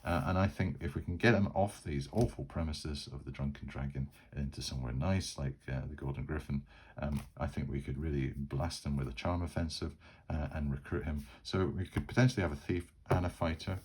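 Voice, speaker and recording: A man's voice: rumbling low, steady tone, a little fast, darkish tone, husky. A man hosting his channel, narrating a solo tabletop game in a casual, rambling way with many fillers and restarts.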